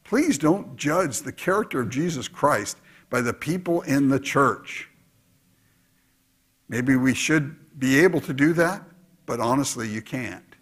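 Husky-voiced man preaching with lively swings. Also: mid-range voice, measured pace. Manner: animated preaching, swings from quiet asides to loud exhortation. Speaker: pastor. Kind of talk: sermon.

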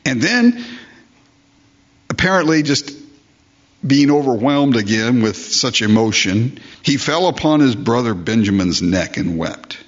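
A man's voice: mid-range voice, lively intonation, measured pace, lo-fi sound. An older man preaching a sermon as pastor, emphatic, repeating phrases and asking rhetorical questions.

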